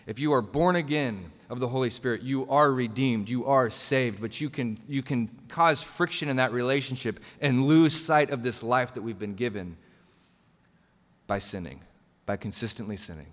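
A man's voice: mid-range voice, normal speed. A man preaching a sermon as pastor, earnest and emphatic, often repeating himself as he builds a point. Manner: earnest, emphatic preaching with frequent restarts and asides. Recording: long reverb of a large hall.

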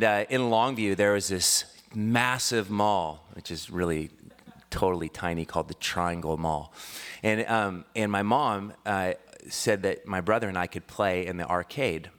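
A man's voice: low voice, moderate pace, a bit bright, clear, resonant tone. Man preaching a conversational sermon. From Washington State, US. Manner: conversational storytelling that builds to fervent preaching. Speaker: pastor. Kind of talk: sermon with personal story.

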